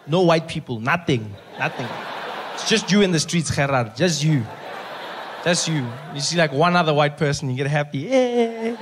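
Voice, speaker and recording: Animated stand-up comedian. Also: male voice, on the high side, normal speed, background noise. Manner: animated storytelling, banters with the crowd. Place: theatre stage.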